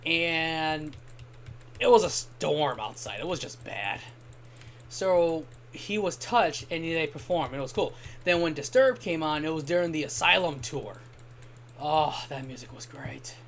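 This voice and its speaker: A man's voice: a little high, lively intonation, unhurried, fairly bright tone, slight background noise. A young man chatting casually while streaming a game, telling long rambling stories and swearing now and then. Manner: rambling anecdotal storytelling, occasional swearing. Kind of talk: casual gaming stream chat.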